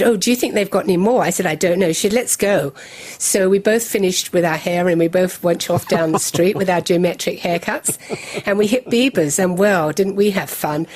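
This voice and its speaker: Brief: older English-born woman, fairly low voice, lively storyteller. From England. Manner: lively anecdotal storytelling with laughs. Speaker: guest. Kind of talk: storytelling interview.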